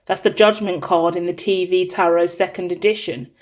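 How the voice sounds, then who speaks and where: A woman giving a collective tarot reading, talking in an excitable, rambling, cheeky way. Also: fairly low pitch, normal speed. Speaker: tarot reader.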